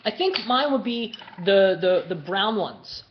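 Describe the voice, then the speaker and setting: A man hosting a live fan chat, talking casually, excitable and swearing, shouting bursts and then mumbling while reading. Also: high-pitched, measured pace. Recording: dull lo-fi webcast audio with faint noise.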